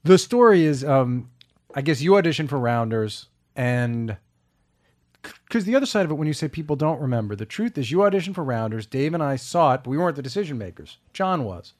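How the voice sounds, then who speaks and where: A man's voice: on the high side, big pitch swings, brisk, darkish tone. A man hosting a podcast interview in casual chat, enthusiastic and prone to talking over his guest. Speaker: podcast host and screenwriter.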